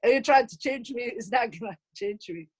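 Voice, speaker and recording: A middle-aged woman with a Somali accent, whose first language is Somali, tells comic stories about her family. Her voice sits fairly high, and she talks in a lively, teasing way with frequent exclamations. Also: a little fast, slightly rough. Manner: animated, teasing, exclaims often. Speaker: comedic speaker at a community event. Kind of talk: comic storytelling.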